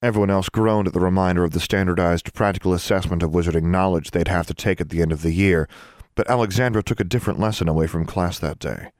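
A man reading a novel aloud as narrator, steady and measured. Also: deep voice, no echo, studio quality. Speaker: audiobook narrator. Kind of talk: scripted audiobook narration.

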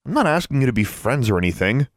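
A man's voice: mid-range voice, big pitch swings, quick pace, no room sound, studio quality, voice pushed up, lightly acted. A man doing an earnest teenage witch girl. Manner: earnest and direct. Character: teenage girl student witch, stubborn but kind.

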